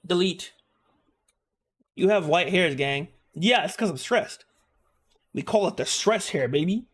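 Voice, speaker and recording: A man's voice: sits high, unhurried, husky. A young man streaming live, joking around and chatting with his viewers as he reacts to a video. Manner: joking, animated, talks to chat.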